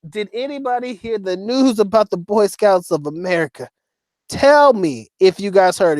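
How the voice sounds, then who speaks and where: Joking, cursing man with a higher voice. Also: expressive, measured pace, darkish tone, no echo. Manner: profane, joking, laughs often. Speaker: host reading live chat. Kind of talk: casual livestream chat.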